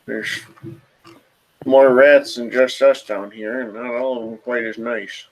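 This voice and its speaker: A man's voice: medium pitch, fairly even intonation, slow pace, slight background noise, natural voice. A man doing a crude, wary rat-man. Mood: guarded. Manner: blunt, profane, laid-back. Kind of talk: tabletop role-play voicing.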